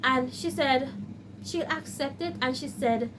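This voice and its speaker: A woman's voice: high voice, measured pace, noisy background. A woman law student vlogging in a casual storytelling way, talking straight to her viewers and acting out her own panic. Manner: animated, addresses viewers directly; acts out her own past panic in quoted asides.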